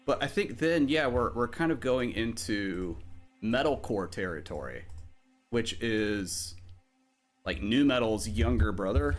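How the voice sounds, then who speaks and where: A man streaming live as he writes riffs, chatting casually and jokingly with lots of fillers. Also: mid-range voice. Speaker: streamer and songwriter. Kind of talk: casual livestream chat while composing.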